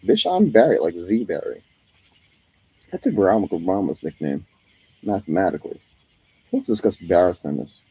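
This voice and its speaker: A man's voice: low-pitched, moderate pace, long pauses, mellow, breathy edge, low-quality recording. A man streaming live, talking in a profane monologue that jumps from one topic to the next.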